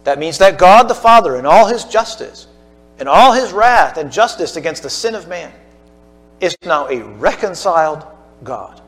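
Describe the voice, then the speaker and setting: A man preaching a sermon to a church congregation, building to emphatic peaks and dropping to hushed asides. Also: high voice, expressive, normal speed, soft background music. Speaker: pastor.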